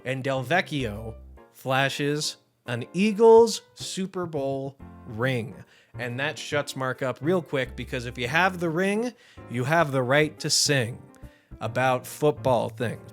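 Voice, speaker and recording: A young man giving a casual, profane, animated commentary rant, reviewing a cartoon series to camera. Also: medium pitch. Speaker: show reviewer.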